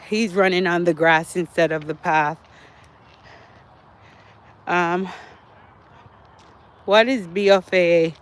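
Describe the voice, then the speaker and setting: Breathless high-voiced man walking. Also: fairly bright tone. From Jamaica. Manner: chatty, repeats himself, talks to chat. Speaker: livestream host. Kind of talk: casual walking livestream. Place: outdoor walking track near woods at dusk.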